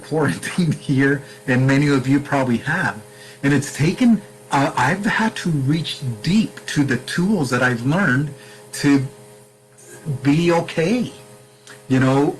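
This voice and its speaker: A man's voice: mid-range voice, slight background noise, low-quality recording. A man speaking earnestly to camera as a sobriety coach, stressing his points with repetition and addressing the viewer directly.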